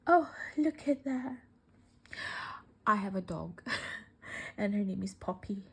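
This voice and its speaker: A woman vlogger unboxing crafting gifts in casual chat, gushing and emotional, often dropping to soft whispers, tearful and welling up. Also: medium pitch, animated, gravelly, breathy edge. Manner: slow, with many fillers and sighs.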